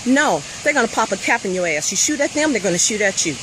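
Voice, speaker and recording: A woman delivers an impassioned, profane rant, hammering each point with blunt emphasis. Her voice sits a little high. Steady road and engine noise runs clearly behind her, as if she is sitting in a vehicle. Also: quick pace, rough recording. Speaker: mother.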